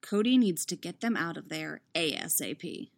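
Woman storyteller, lowish voice, steady, expressive reading. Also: normal speed, creaky. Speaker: audiobook reader. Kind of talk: fan fiction narration.

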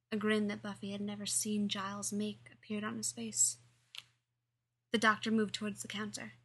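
A woman reading a fan fiction story aloud in a plain, steady way. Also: medium pitch, normal speed, husky. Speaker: reader.

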